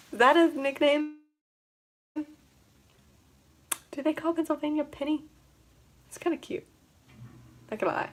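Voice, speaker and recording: A woman's voice: a little high, slow pace, pauses often, fairly bright tone. Giggly young woman rambling on a livestream. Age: young adult. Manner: giggly, rambling, many fillers. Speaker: vlogger. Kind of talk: casual livestream chat.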